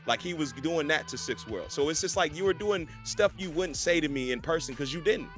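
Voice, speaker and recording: A man in casual podcast chat, retelling an online feud in an animated, conversational way. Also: on the high side, brisk, faint music behind.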